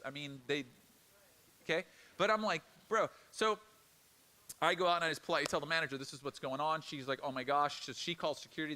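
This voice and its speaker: A middle-aged pastor with a high-pitched voice delivers a sermon. He tells a personal story in an animated, conversational style, acting out the lines he quotes.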